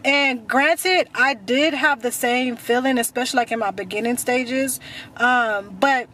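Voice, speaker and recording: A woman's voice: fairly high pitch, a little slow, a bit bright, slight background noise. A young woman vlogging casually, chatty and repetitive, talking straight to her viewers. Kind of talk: casual chat to camera.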